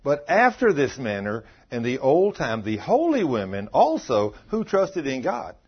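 A man preaching a sermon, telling a story with animated delivery and calling out questions to his congregation. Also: medium pitch, a little slow, breathy edge, lo-fi sound. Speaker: pastor.

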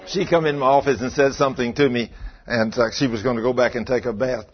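A man's voice: mid-range voice, steady tone, fast talker, dull audio. A man preaching and telling chatty stories to his church, laughing often. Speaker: pastor. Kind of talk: folksy sermon storytelling.

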